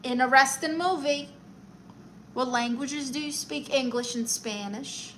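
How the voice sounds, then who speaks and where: A woman with a New York accent and a high-pitched, fairly bright voice speaks unhurriedly over slight background noise. Hosting a casual livestream, she reads comments aloud and hands out advice like a sassy, theatrical auntie, calling viewers honey and darlings.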